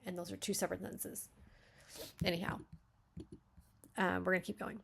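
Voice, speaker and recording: A woman's voice: fairly low pitch, little pitch movement, fairly quick, gravelly, pauses often, husky. A woman beta reader giving a spoken critique of a manuscript. She thinks aloud, often stops and restarts, and acts out lines to show where the emphasis should fall.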